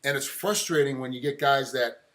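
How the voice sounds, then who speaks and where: A man interviewing a fighter in a casual sports chat, animated and acting out quotes as he talks. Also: medium pitch, brisk.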